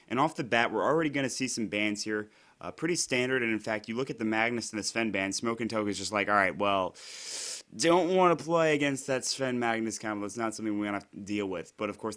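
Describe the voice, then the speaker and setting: A young man, slightly hoarse from being sick, doing solo play-by-play commentary in a chatty, rambling way with frequent fillers and self-corrections. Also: fairly low pitch, fairly bright tone. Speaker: esports commentator.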